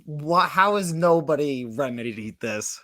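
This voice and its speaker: A man's voice: a little high, expressive, unhurried, bright, forceful tone, no echo. A man co-hosting a podcast who chimes in with short reactions and jokes. His voice moves around a lot, recorded dry and close. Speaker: podcast co-host. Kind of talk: casual chat.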